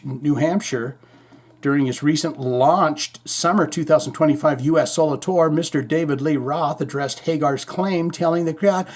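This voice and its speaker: A man's voice: a little high, a little mellow. A man hosting a heavy metal news podcast, rambling through the stories with irreverent, profane asides. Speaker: podcast host.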